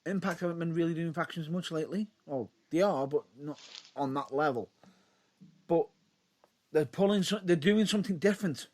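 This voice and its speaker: A man co-hosting a podcast in casual chat, animated and prone to stumbling and restarting mid-sentence. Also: on the high side, moderate pace. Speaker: podcast co-host.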